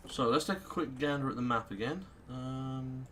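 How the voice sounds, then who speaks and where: A man's voice: mid-range voice, normal speed, a bit bright, a little hiss or hum. A British man hosting a let's play, muttering casual gameplay commentary in a sarcastic manner and swearing freely. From Britain.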